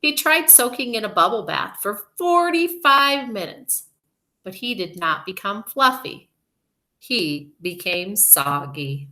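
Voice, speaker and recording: A woman teacher reading a storybook aloud to children, slow, expressive and gentle. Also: mid-range voice.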